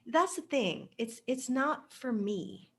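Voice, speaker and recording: Animated woman in casual podcast chat. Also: a little high, slow. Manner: animated, laughs often, acts out quoted voices. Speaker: co-host.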